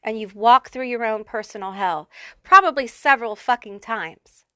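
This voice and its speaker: A woman's voice: fairly high pitch, normal speed, pushed and bright, clean tone, dry recording, studio quality. A woman giving a pick-a-card tarot reading, talking straight to the viewer in a blunt, profane, fired-up way. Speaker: tarot reader.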